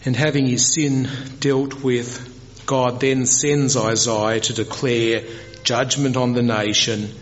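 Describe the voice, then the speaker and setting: A man preaching a sermon, animated, climbing high in pitch as he retells a scripture scene. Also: dull audio. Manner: animated, rises high when voicing Moses.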